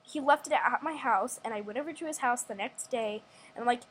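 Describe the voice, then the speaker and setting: A woman's voice: on the high side, a little fast, a bit bright, breathy edge, low-quality recording. A young woman telling a rambling story at home, with many restarts and acted-out quotes. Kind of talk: casual storytime vlog.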